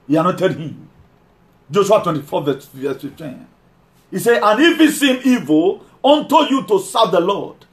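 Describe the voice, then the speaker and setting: A man preaching a sermon, emphatic, repeating key lines and slowing down to read scripture. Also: high-pitched, animated.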